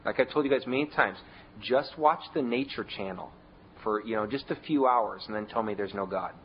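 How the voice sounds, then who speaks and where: A man preaching a sermon in a conversational way, leaning hard on key words with big shifts in pitch and volume. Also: normal speed, muffled recording, slight background noise. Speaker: pastor.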